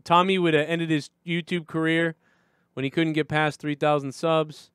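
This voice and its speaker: Brief: swearing New host, slightly high voice, dry close sound. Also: male voice, level tone, moderate pace, a bit bright, smooth, no echo. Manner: profane, rambling storytelling. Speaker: live show host. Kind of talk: casual chat.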